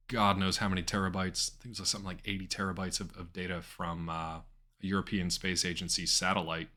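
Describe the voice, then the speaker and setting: A man rambles casually through a live game stream, his voice sitting a little low but bright and forceful. He talks to chat with many ums and restarts. Keyboard clicks tap along in the background. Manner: rambling, chatty, with frequent fillers. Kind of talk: casual live-stream commentary while gaming.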